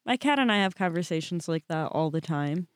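A young woman, a guest in a casual chat, speaking with a deadpan, wry manner. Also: lowish voice, brisk, clear, resonant tone, dry recording.

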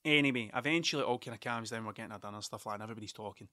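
This Scottish vlogger, in his thirties, races along in a fairly low-pitched voice with a sharp tone. His storytelling is casual and meandering, heavy on swearing and self-interruption. The clean studio recording has no room sound.

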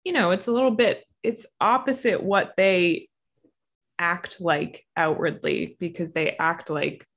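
A young woman on a comedy podcast, rambling her way through loose chat. Her voice sits a little low and she takes her time. She breaks into laughter often. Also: steady tone, measured pace, fairly bright tone. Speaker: podcast co-host.

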